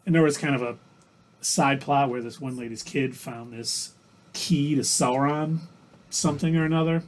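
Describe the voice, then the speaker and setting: A man's voice: mid-range voice, normal speed. A man co-hosting a livestream, casually recapping TV episodes in a rambling, self-correcting way. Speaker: livestream co-host.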